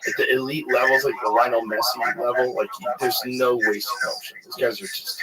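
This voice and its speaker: Man, casual profane storyteller, animated, loud crowd noise behind. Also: medium pitch, brisk, low-quality recording. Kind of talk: casual podcast chat.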